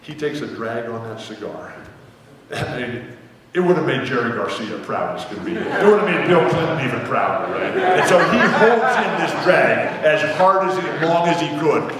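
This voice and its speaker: A man in his sixties, a guest author telling rambling, animated anecdotes to a live theater audience, acting out the people he quotes. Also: on the high side, normal speed, distant mic, a crowd in the background. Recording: echoey hall, mic heard from afar.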